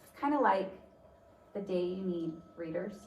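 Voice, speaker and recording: A woman's voice: fairly low pitch, expressive, normal speed, a little mellow, roomy sound, lo-fi sound. Woman, motivational talk, casual storytelling, lots of fillers, distant mic, faint background noise. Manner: conversational, frequent "like" fillers. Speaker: speaker.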